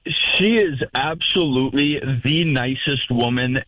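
A man's voice: medium pitch, measured pace, sharp tone, no echo, rough recording. A man calling into a radio show, speaking earnestly and hesitantly with lots of fillers. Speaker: caller. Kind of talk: radio call-in chat.

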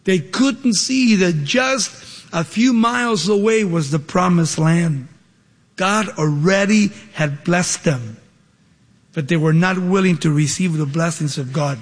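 A man preaching a sermon, animated, acting out the dialogue of the figures in his story. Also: slow. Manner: animated, acts out dialogue with rising pitch. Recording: long hall reverb.

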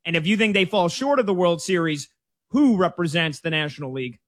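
A man with a fairly high voice hosts a sports betting radio show. He plugs his guest in a breezy, joking way. The sound is dry and close to the mic. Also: lively intonation, brisk, a bit bright, dry recording. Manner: breezy, jokey plugging and questions.

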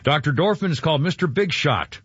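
A man's voice: fairly high pitch, lively intonation, brisk, fairly bright tone, breathy edge, dry recording. A man hosting a radio show, chatting casually in a rambling, jokey way with lots of fillers and restarts. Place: radio studio. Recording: dull lo-fi radio broadcast.

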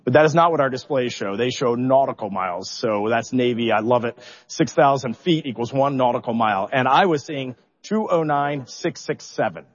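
A middle-aged spacecraft commander tells stories in a public interview, animated and self-deprecating, acting out his own reactions and sometimes holding back tears. He speaks at a medium pitch and moderate pace, and the recording has its highs cut off.

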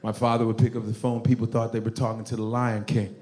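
A man's voice: on the low side, completely flat delivery, fast, hardly any pauses, noisy background. A man from Nigeria doing profane stand-up comedy on a club stage, often laughing through his lines. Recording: roomy club with crowd ambience.

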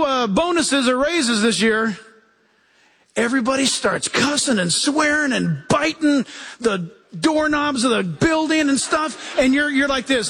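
A male pastor preaching a lively sermon, acting out quoted voices and chuckling as he goes. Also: very high-pitched, measured pace.

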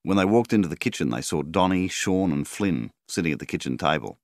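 A very deep, gravelly Australian man narrates a rural story in steady storybook fashion. His delivery rises and falls with lively intonation, and the recording is close and dry. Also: brisk, dry recording. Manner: steady storyteller, voices the characters. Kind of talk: audiobook narration.

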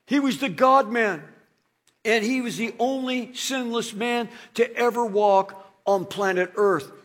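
A male preacher with a very high, husky voice delivers a sermon. He reads scripture dramatically and slips into lively, animated asides.

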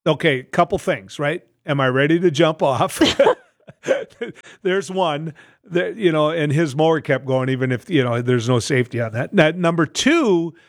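A man's voice: on the high side, animated, measured pace, dry recording, studio quality. A man co-hosting a radio show in casual banter, telling a rambling story with restarts and laughs.

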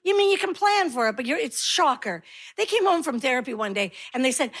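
A middle-aged woman performing a stand-up comedy routine, animated, acting out her kids and herself in voices. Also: sits high, brisk, husky. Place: stage before a laughing audience.

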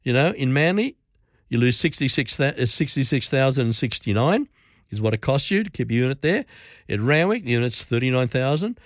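A man's voice: mid-range voice, very animated, brisk, no echo, clean studio sound. Opinionated Australian talk-radio host, man. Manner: conversational, reels off figures with asides.

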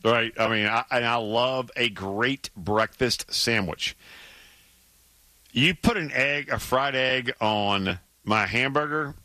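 A man co-hosting a sports radio show in casual chat, animated and emphatic, often repeating words when he gets worked up. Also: medium pitch, takes it slowly, no room sound. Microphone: studio microphone.

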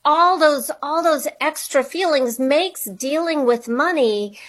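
A middle-aged woman speaks as a radio interview guest in a high, bright-pitched voice. She talks slowly and earnestly, reflective, and often stacks up questions as she works through a thought. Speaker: guest author and money coach.

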